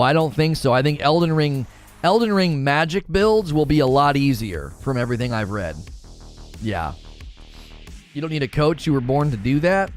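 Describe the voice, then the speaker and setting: Animated male streamer chatting casually. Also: medium pitch. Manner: chatty, animated, laughs often, reads chat aloud. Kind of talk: casual livestream chat.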